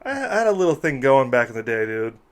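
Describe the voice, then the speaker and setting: A man's voice: mid-range voice, very animated, quick pace. A young man co-hosting a podcast in loose, profane casual chat, dropping "dude" into most lines. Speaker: podcast co-host.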